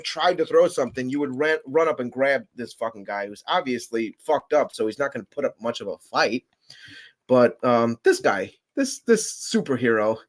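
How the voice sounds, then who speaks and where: A young man hosting a podcast, chatting casually in a rambling, profane, laughing way. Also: fairly high pitch. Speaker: podcast host. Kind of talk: casual chat.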